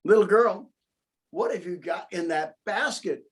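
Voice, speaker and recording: A man's voice: sits high, measured pace, slightly rough. A man voicing a sly, wheedling male wolf in a spoken story.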